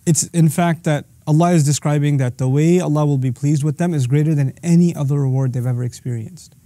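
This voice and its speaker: Man, religious lesson, rapid delivery, somewhat high voice, patient explanations. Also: dark tone, no room sound. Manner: explains patiently, quoting verses in Arabic then translating. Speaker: Islamic teacher.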